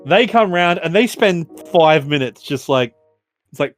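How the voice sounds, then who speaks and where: Aussie podcast co-host, young, casual swearing storyteller, lots of fillers. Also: male voice, fairly high pitch, normal speed, soft background music. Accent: Australian. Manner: animated, swearing, filler-heavy.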